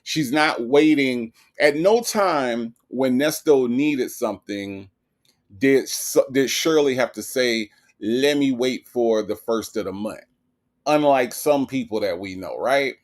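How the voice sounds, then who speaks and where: Man stream host, emphatic reactive commentary, mid-range pitch, keeps checking in with the chat. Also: slow pace. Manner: emphatic, keeps asking "right?".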